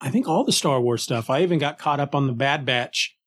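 A man talking casually as a podcast cohost, enthusiastic and lively, often restarting his sentences. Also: medium pitch, brisk. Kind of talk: casual conversation.

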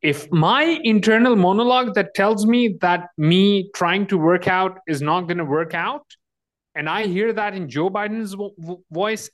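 A man's voice: high voice, a little slow. A man as a guest on a talk show, explaining a technique thoughtfully with frequent restarts. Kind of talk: casual chat.

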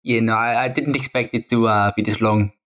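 A man playing a tabletop game speaks in character, loose and hesitant, with lots of "uh"s and an occasional swear. His mid-range voice is brisk and fairly bright, and his intonation is fairly even.

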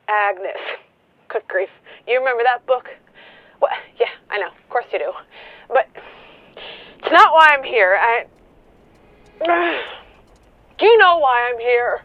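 Agnes, mad at god, talks slow and tinny like over a phone, a woman acting her. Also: fairly high pitch, no echo. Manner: slow, exasperated, talking to God like a friend. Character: Agnes, an angry woman scolding God in prayer. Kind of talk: radio play acting. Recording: tinny phone-like dry sound.

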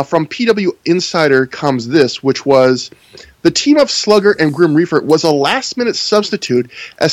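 A man's voice: a little high, no echo. A man co-hosting a podcast, telling stories wryly and reading match results. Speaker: podcast co-host. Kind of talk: casual chat and reading news.

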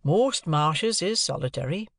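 A man reading an audiobook, voicing a gentle, simple blacksmith with plain, homely speech. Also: on the high side, expressive, unhurried, creaky, no echo, studio quality, voice pushed up, full character voice.

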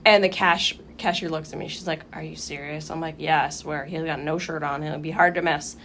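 A young woman co-hosting a podcast, telling a story in casual chat, animated, swearing freely and acting out her own reactions. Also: sits low, brisk, slight background noise. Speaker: podcast co-host.

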